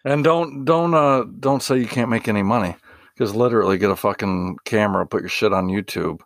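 A man's voice: lowish voice, a little fast, dry recording. Chill guy cohosting a podcast, dry close mic, short replies, casual cussing. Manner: laid-back, short replies, swears casually. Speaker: podcast co-host.

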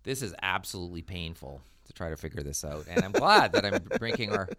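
A man's voice: low voice, animated, a little fast, pushed and bright. A man co-hosting a podcast, chatting casually with wry sarcastic asides and muttered remarks. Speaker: podcast co-host. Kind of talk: casual chat.

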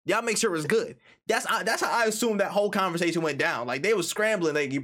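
A man co-hosting a casual gaming podcast, animated and profane, acting out imagined quotes. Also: high voice, fast. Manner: animated, acts out quotes, swears freely. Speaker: podcast co-host.

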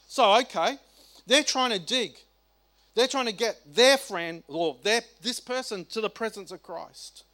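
High-voiced Australian pastor preaching. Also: male voice, unhurried. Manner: animated, rhetorical questions, colloquial and emphatic. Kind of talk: sermon.

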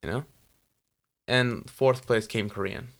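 A man's voice: medium pitch, fairly even intonation, slow pace, creaky. A man co-hosting a podcast, chatting casually and rambling with lots of "like" and "you know.". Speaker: podcast co-host. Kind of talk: casual chat. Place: Los Angeles.

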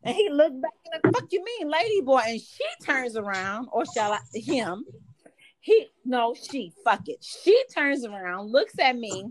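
Brash high-voiced woman telling a story. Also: a little slow, a little hiss or hum, rough recording. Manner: profane, brash, animated, laughs through the story. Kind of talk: casual storytelling.

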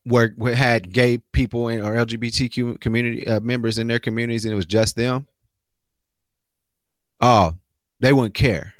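A man's voice: mid-range voice, fairly even intonation, moderate pace, long pauses, dry recording. A man co-hosting a casual sports talk podcast, speaking loosely in slang with frequent restarts. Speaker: podcast co-host.

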